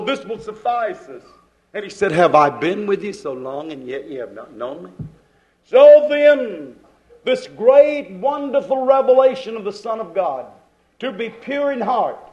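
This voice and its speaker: A man's voice: high voice, lively intonation, unhurried, darkish tone, low-quality recording. A man preaching a sermon, repeating phrases with rising and falling emphasis.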